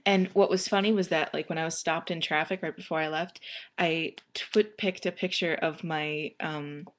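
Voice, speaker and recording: Low-voiced young woman rambling a story. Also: fairly even intonation, normal speed. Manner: rambling, many fillers and restarts. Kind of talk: casual storytelling vlog.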